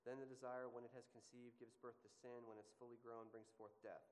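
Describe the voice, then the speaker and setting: A man's voice: medium pitch, little pitch movement, fairly quick. A man teaching a Bible study to a class, asking them questions and stressing his points. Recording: long hall reverb.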